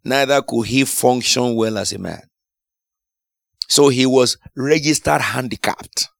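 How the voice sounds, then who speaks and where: A man preaching a sermon, telling a testimony in an animated storytelling way. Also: mid-range voice, a little slow, vocal fry, dry recording, clean studio sound. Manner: animated storytelling, shouts and laughs at climaxes.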